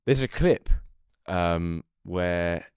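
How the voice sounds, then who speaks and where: A man with a very deep voice hosts a relaxed interview, firing off curious questions and swearing now and then. The recording is dry and close, with no room sound. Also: clean tone, no echo. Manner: curious, prods with quick questions, swears casually. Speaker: podcast host. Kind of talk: casual interview chat.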